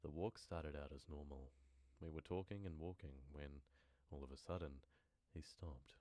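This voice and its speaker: A very deep, low-voiced man reads horror stories on a live stream at a moderate pace, with a warm tone. Between passages he drifts into casual, rambling chat with viewers. The close mic gives a dry recording with no room sound.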